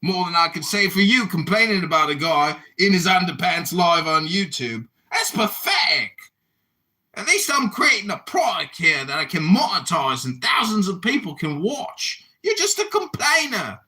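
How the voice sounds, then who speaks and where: A man in his forties hosting a livestream, shouting and mocking someone in a heated argument. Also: high-pitched. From United States. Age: 40s. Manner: mocking, shouting insults, mock British slang. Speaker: livestream host.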